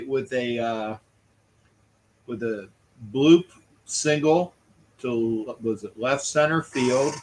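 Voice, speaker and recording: A man hosting a live stream, rambling through casual talk and greeting viewers by name between calls of the game. His pace is slow and unhurried, and his pitch sits in an ordinary middle range. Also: fairly bright tone, slight background noise, rough recording. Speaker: livestream host. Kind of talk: casual live chat with play-by-play.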